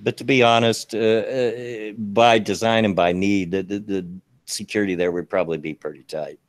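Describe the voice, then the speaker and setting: A man's voice: fairly low pitch, steady tone, normal speed, no echo, clean studio sound. A man co-hosting a casual political chat, easygoing and plain-spoken.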